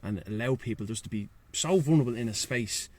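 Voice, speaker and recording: A man with a Dublin Irish accent, talking as a guest in a loose chat outdoors by the sea. He is frank and fired up, full of slang and swearing. His pitch sits in an ordinary middle range. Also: fast, darkish tone, slight background noise. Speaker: guest, breathwork and sea-swim facilitator. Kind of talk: casual chat.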